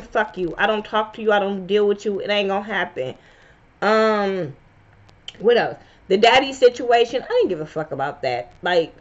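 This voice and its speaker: A woman, reviewing reality TV in a blunt, profane, animated rant. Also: medium pitch. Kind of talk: casual opinion vlog. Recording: slightly dull lo-fi sound.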